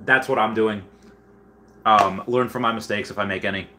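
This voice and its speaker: Young guy rambling on his stream, bright voice, lots of ums, self-deprecating. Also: on the low side, steady tone, normal speed, a little hiss or hum. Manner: rambling, self-deprecating storytelling with frequent fillers. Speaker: livestream host. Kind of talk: casual livestream chat reading viewer comments.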